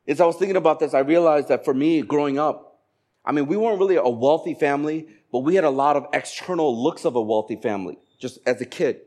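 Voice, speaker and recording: A man in his forties, from Korea, preaching a sermon and telling stories with animated voices for the people in them. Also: a little high, fast. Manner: animated storytelling, acting out dialogue. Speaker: pastor.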